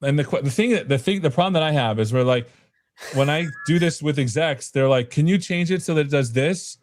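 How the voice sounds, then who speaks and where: A man's voice: fairly high pitch, fairly quick. A man on a video call giving a casual, rambling walkthrough of an app he built, with lots of "like" and "right?". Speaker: developer guest demoing an app. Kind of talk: casual tech demo chat on a livestream.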